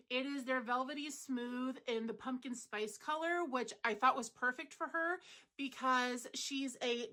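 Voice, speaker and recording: Woman, crochet channel host, chatty, meandering, lots of fillers, bright, higher voice, at home. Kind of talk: casual rambling crafting chat.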